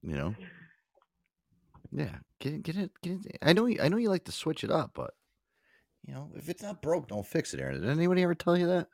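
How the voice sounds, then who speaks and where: A man's voice: on the high side, wildly swooping pitch, fairly quick, vocal fry, pauses often, darkish tone, no echo, studio quality. A man hosting a podcast in casual, profane banter, laughing often and swearing freely. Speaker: podcast host.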